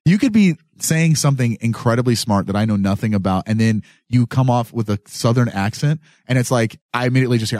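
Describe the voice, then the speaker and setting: Animated, swearing podcast co-host. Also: male voice, medium pitch, brisk, dry recording, studio quality. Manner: animated, swearing, breaks into mocking voices. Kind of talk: casual chat.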